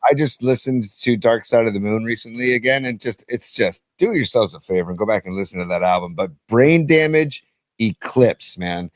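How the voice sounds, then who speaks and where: A man co-hosting a casual sports podcast, relaxed and enthusiastic. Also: fairly low pitch, normal speed, no room sound. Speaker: podcast co-host.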